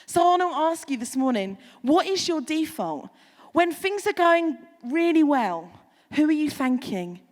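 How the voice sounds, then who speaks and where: High-voiced woman preaching in a hall. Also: measured pace. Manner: chatty, animated storytelling with asides. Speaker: pastor. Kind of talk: sermon.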